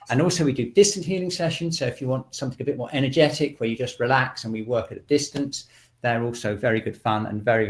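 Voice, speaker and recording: A man teaching a self-shiatsu class over a video call, calmly guiding stretches and breaths. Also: mid-range voice. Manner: calm instructor, counting breaths.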